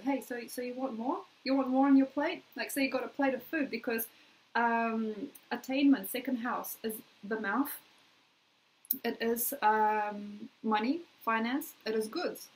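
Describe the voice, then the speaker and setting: A woman's voice: fairly high pitch, poor audio. An Australian woman giving a casual, chatty astrology forecast, playfully acting out little quoted requests.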